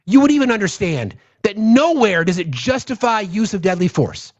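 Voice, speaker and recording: High-voiced man in a profane rant. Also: expressive, normal speed, hardly any pauses. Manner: profane, heated, reads legal text aloud. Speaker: political commentary host. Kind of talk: angry political rant. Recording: dull lo-fi audio.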